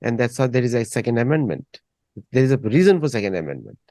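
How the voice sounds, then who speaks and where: A man's voice: medium pitch, very animated, fast talker, warm tone, no echo. A man hosting a casual discussion, rambling and repeating words as he thinks. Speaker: host.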